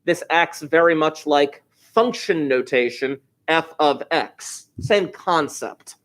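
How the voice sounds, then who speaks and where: A middle-aged man from New Jersey, a high school math teacher giving a classroom lecture full of chatty, enthusiastic asides. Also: animated, slow pace, fairly bright tone.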